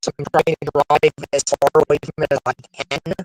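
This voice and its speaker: A man with a fairly high, flat voice calls in from his car. He speaks matter-of-factly while the connection breaks up into robotic, choppy sound. Faint music plays behind him. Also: brisk, rough recording. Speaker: co-host. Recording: choppy robotic call audio.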